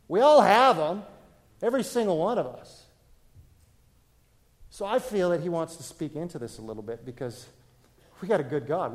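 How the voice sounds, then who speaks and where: A man, preaching a sermon to a congregation in a relaxed, conversational way, often asking them questions. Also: on the high side. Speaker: pastor. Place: church, in front of a congregation.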